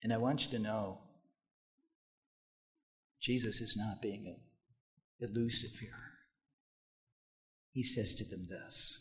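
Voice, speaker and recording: A male pastor preaching a sermon, dropping to hushed tones and then rising to loud, emphatic bursts. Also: fairly low pitch, steady tone, slow pace, pauses often.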